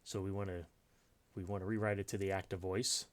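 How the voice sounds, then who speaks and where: Low-voiced man teaching grammar. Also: little pitch movement, fairly quick. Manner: unscripted, thinking aloud with many fillers and restarts. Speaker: writing teacher. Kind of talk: explaining grammar in a recorded lesson.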